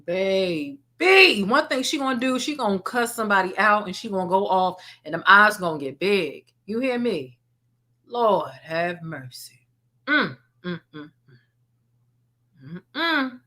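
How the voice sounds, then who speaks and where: Bright, sassy woman commentator. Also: medium pitch, lively intonation, normal speed. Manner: sassy, drawling, playful. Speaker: commentary host. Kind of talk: casual gossip commentary.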